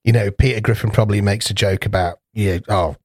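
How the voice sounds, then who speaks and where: A man's voice: on the low side, fairly even intonation, fast talker, darkish tone, slightly rough, dry recording, clean studio sound. Rambling, laughing man. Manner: rambling, laughs often, swears freely. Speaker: podcast co-host. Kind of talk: casual chat.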